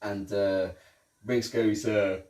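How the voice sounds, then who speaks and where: A man's voice: lowish voice, little pitch movement, takes it slowly, a little mellow. A man co-hosting a casual film review podcast, chatty and acting out movie dialogue. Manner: chatty, acts out movie dialogue, laughs often. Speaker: podcast co-host. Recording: roomy echo, mic at a distance.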